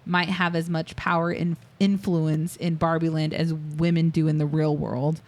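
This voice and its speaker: A woman with a slightly low voice retells a film on a casual podcast. She piles up scene details, drops into quoted lines, and laughs easily between them. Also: flat delivery, moderate pace, darkish tone. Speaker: podcast co-host. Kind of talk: casual movie recap chat.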